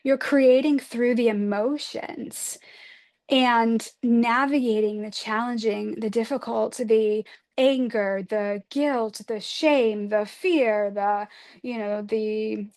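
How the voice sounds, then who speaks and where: A woman spiritual advisor speaking to her listeners in a livestream talk. Her voice is a little high, and she talks gently and earnestly, posing reflective questions as she goes. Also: steady tone, slow pace.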